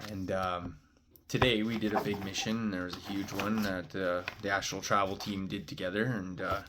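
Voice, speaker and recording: A man's voice: low voice, level tone, moderate pace, heavy background noise. A man, a spiritual card reader, telling a meandering story in casual talk, full of "uh" and "like". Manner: meandering, heavy on "uh" and "like" fillers.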